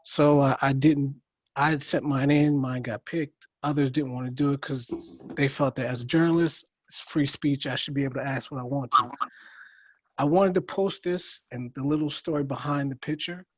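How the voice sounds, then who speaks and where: A man's voice: medium pitch, steady tone, moderate pace, husky, no echo, dull audio. A man taking part in an online writing workshop over a video call, talking hesitantly and searching for his words. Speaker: workshop participant.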